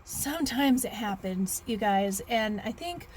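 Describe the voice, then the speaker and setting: A woman's voice: fairly high pitch, animated, measured pace, a little mellow, slight background noise. A woman in her thirties, chatting casually in a rambling vlog with restarts and sighs. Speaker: author vlogger.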